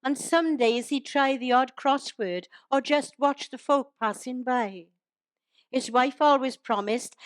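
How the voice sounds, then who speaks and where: Brief: older woman performing comic verse, chatty and teasing, fairly high voice, dry close sound. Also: unhurried, no room sound. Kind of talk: humorous poetry recital to a live audience.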